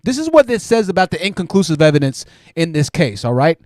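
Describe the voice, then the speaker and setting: Man, live-stream commentary, reads super chats, exclaiming, high lively voice. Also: quick pace, dry recording, clean studio sound. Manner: animated, exclaiming, thinks aloud.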